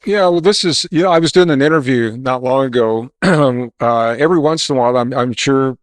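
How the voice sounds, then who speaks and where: A man guesting on an interview talks with confident, explanatory energy, shifting between storytelling and lecturing. His voice sits at a middle pitch, and the sound is dry. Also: fairly quick, no room sound. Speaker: guest author.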